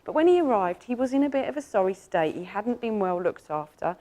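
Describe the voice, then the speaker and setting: An animal communicator, giving a lively, enthusiastic presentation and telling stories about pets to an audience. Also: female voice, brisk. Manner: animated, enthusiastic storytelling with sudden jumps up in pitch.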